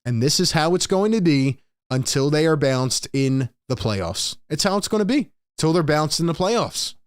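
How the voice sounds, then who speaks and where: A man's voice: on the high side, expressive, moderate pace, smooth, no room sound. A man hosting a live postgame fan show, ranting in frustration and reading out viewers' chat comments. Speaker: sports podcast host.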